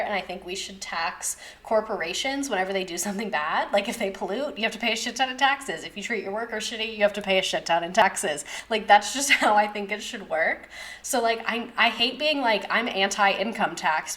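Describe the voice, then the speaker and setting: A woman's voice: medium pitch, a bit bright. A young woman teacher giving a casual history lesson, chatty and sarcastic, swearing and drifting into tangents.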